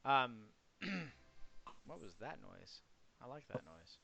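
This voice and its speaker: A man's voice: mid-range voice, big pitch swings, slow pace, creaky, pushed and bright. A young man running an online tabletop game as game master, describing the scene in a casual, filler-heavy way. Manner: casual, loose, many fillers.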